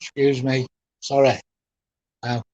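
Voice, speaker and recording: A man working as a spiritualist medium, giving a live reading in a gentle, halting, often emotional way while softly reassuring the person he addresses. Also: medium pitch, level tone, no room sound, dull audio.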